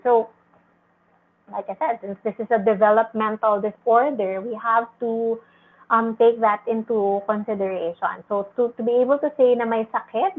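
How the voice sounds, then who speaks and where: A Filipino woman speech therapist answering parents on a livestream, gently explaining and mixing languages, sometimes acting out a parent's lines in a high exaggerated voice. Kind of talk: livestream Q&A advice. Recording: tinny phone-like livestream audio.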